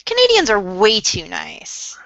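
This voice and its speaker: A woman's voice: mid-range voice, wildly swooping pitch, unhurried, vocal fry, fairly bright tone, no room sound. A woman co-hosting a casual talk show, joking and sarcastic in a playful way. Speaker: co-host. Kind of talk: casual chat. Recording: dull lo-fi sound.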